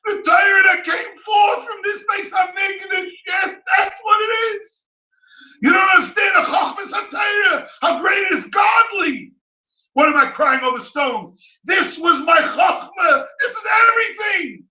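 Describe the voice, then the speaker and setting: A man's voice: very high-pitched, measured pace, lo-fi sound, voice pushed up, heavily acted. A man voicing an ancient male prophet who cries out in grief, recorded from a distance in an echoey room. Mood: anguished. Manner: crying out in grief, shouting.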